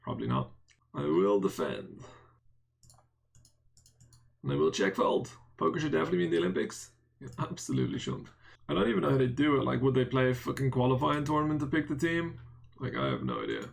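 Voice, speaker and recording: A man's voice: medium pitch, wildly swooping pitch, brisk, vocal fry, long pauses. A man with an Irish accent giving casual live-stream poker commentary, bantering and answering chat with self-mocking jokes and the odd swear word. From Ireland.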